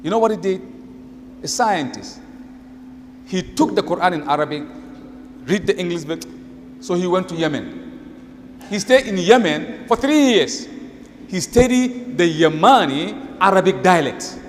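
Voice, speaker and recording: A male Islamic lecturer giving a religious lecture, telling stories in an emphatic, animated way and repeating words for emphasis. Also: high-pitched, a little slow, pauses often. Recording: reverberant hall, faint noise.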